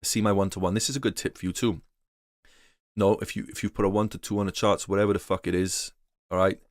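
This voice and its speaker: A man's voice: low voice, little pitch movement, fast, dry recording, studio quality. Swearing slangy man teaching trading. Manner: profane, slangy, acts out traders' voices. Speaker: trading course instructor. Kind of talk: casual unscripted teaching.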